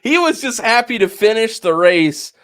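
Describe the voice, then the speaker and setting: A man's voice: high-pitched, very animated, moderate pace, fairly bright tone, smooth. A man in his twenties co-hosting a podcast, chatting casually and acting out his own past reactions as he tells a story. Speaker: podcast co-host. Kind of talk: casual chat.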